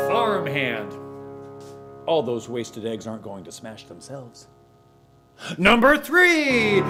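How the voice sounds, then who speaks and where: A man hosts a live-streamed music show from a studio, using folksy, theatrical showman patter full of jokes. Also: sits high. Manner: folksy, theatrical announcer delivery.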